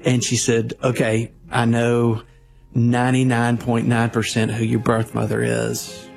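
Man in his 50s, minister telling his story, earnest and halting, flat gravelly voice, soft music under. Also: medium pitch. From Louisiana, USA. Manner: earnest, halting with restarts and fillers. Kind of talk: personal storytelling.

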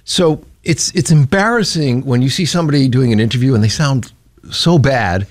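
A man hosting a morning radio show, joking through casual banter with a wry, quick manner. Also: medium pitch. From New England. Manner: jokey, wry, quick asides. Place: radio studio.

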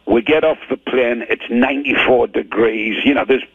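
An older man with a Geordie accent from Newcastle, telling rambling, animated anecdotes with stammers as a guest in a casual interview. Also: medium pitch, moderate pace, dry recording. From Newcastle, England. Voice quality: gravelly, husky. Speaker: guest rock singer. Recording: tinny phone line.

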